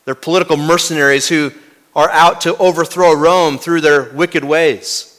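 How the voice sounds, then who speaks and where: A pastor preaches a dramatic sermon, dropping from loud to hushed and putting rhetorical questions to the congregation. His voice sits on the high side with a steady tone and normal speed.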